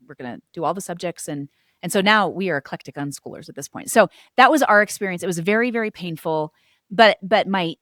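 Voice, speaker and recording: A middle-aged woman, a former teacher and homeschooling mother, telling her family's story in an interview, animated and acting out what others said. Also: on the low side, dry recording, studio quality. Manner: animated, acts out quoted voices.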